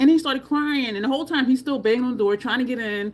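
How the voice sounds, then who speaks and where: A woman's voice: sits high, fast, hardly any pauses, darkish tone. A woman beauty vlogger, telling a story casually and expressively to her viewers, now and then swearing.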